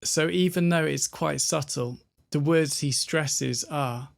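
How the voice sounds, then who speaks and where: A man with a British accent teaching pronunciation, breaking words down slowly and carefully. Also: fairly high pitch, vocal fry. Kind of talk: pronunciation lesson.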